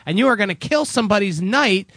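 A man's voice: sits high, lively intonation, fast talker, fairly bright tone, dry recording. A man from Canada hosting a radio show, teasing and playful in bantering movie talk. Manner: teasing, playful, mock-enthusiastic.

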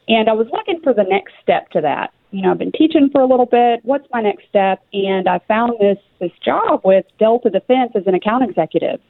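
A woman's voice: mid-range voice, no echo. Southern woman on a phone line. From Tennessee. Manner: earnest, conversational, with fillers. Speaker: guest. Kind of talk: radio interview.

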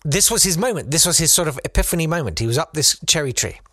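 A man's voice: a little high, lively intonation, quick pace, a bit bright, no echo. Playful man telling a comic history story. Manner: playful storyteller, slips into silly voices for quotes. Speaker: podcast co-host.

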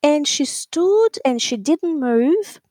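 A woman telling a story in a casual interview, animated and full of fillers, acting out other people's voices. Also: high-pitched, takes it slowly, no room sound. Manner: animated, acts out voices in quotes, many fillers. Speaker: alpaca breeder, guest.

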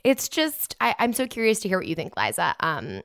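A woman's voice: mid-range voice, wildly swooping pitch, fairly quick, creaky, a bit bright, no room sound, clean studio sound. A young woman co-hosting a podcast, chatting casually and rambling with frequent laughs. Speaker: podcast co-host. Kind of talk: casual chat.

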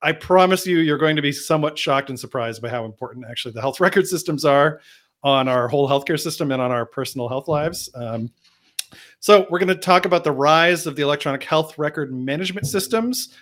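A man's voice: on the high side, a little fast, fairly bright tone. A man hosting a podcast, chatting casually in a jokey, rambling way with restarts. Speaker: podcast host.

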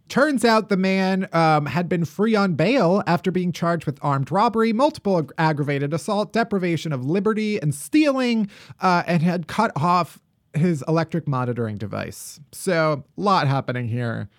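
A woman co-hosting a casual podcast, telling odd news stories with lots of laughter and swinging, animated delivery. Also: fairly low pitch, moderate pace, no echo, studio quality. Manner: animated, laughing, mock accents in quotes. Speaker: podcast co-host.

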